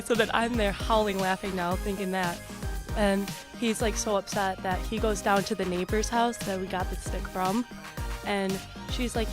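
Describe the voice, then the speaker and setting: A woman's voice: mid-range voice, moderate pace, music in the background. Young woman telling a funny story. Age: young adult. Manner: animated storyteller, quotes others. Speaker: student interviewee. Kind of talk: storytelling anecdote.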